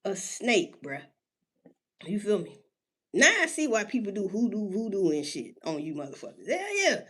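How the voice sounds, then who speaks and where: A woman ranting casually to her listeners in street slang, cursing freely and firing off rhetorical questions, with drawn-out emphasis and sudden jumps in pitch. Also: very animated, fairly bright tone, slightly rough. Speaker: solo commentator. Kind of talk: casual rant.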